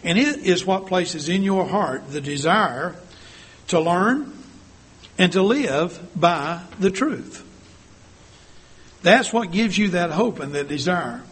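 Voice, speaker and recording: Older guy preaching, earnest, keeps asking questions, a bit high pitched. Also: lively intonation, takes it slowly, long pauses, a bit bright, husky. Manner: earnest, asks many rhetorical questions. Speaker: church speaker. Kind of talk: sermon.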